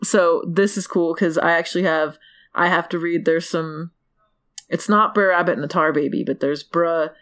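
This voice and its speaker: A woman's voice: fairly low pitch, fairly even intonation, moderate pace, a bit bright. Chatty woman in casual chat.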